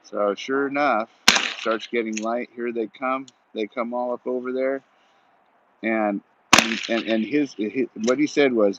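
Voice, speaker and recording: A man in his forties telling a story in a rambling, folksy way, outdoors at shooting practice, on muffled audio with loud gunfire. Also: medium pitch, fairly even intonation, measured pace, noisy background. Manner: rambling folksy, many "you know" and "he goes". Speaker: vlogger. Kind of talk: casual storytelling monologue.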